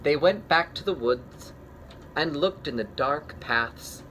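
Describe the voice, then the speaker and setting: A man reading a children's picture book aloud, gentle and expressive, talking kindly to young listeners. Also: on the high side, takes it slowly, a little hiss or hum. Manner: gentle, warm-hearted and expressive, talks to kids. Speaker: children's story reader.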